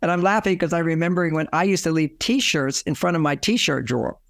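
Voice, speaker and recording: A man's voice: on the high side, brisk, vocal fry, no room sound, clean studio sound. An older man, a relationship author, telling anecdotes in an interview and acting out quoted dialogue. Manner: animated, acts out quoted dialogue. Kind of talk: storytelling in a casual interview.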